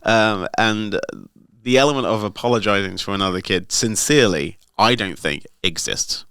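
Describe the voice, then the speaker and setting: A man's voice: moderate pace, smooth, no echo, studio quality. A man co-hosting a podcast, chatting casually and acting out the people in his stories. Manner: animated storyteller, acts out quotes with big pitch jumps. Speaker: podcast co-host. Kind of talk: casual chat.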